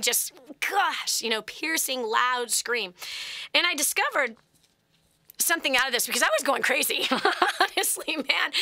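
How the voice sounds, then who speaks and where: Bright high-voiced woman radio host. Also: no echo, clean studio sound. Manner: animated, laughing, drops to a whisper at times. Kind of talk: radio call-in advice, storytelling.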